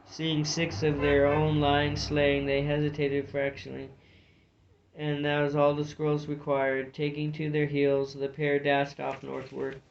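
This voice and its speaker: A man's voice: a little high, monotone, unhurried, gravelly, a little hiss or hum. A man reading a fantasy storybook aloud, narrating with occasional slips and restarts. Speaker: audiobook reader. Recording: dull lo-fi recording.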